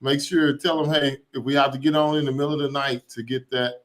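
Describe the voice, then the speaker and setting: A man's voice: mid-range voice, little pitch movement, fast talker. Easygoing male podcast host. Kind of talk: casual chat.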